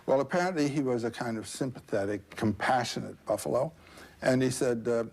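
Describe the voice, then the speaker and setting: A man of medium pitch tells an old myth in an interview, rambling folksily with many asides. His voice is neither high nor low, and he speaks in an easy, discursive way. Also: a little fast, vocal fry, darkish tone, faint music behind. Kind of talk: storytelling in an interview.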